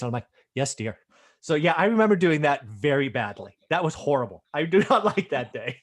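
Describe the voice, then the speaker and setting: A middle-aged man hosting a casual conversation, at an ordinary pitch for a man. He retells a family story in a self-deprecating way, tagging his sentences with "right?" as he goes. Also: animated, brisk. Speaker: host.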